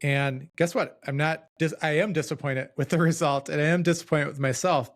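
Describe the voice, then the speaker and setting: Gravelly-voiced man hosting a podcast. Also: a little high, fairly even intonation, a little fast, no echo, studio quality. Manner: reflective, self-deprecating, talks in loose restarts. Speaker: podcast host. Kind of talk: casual podcast conversation.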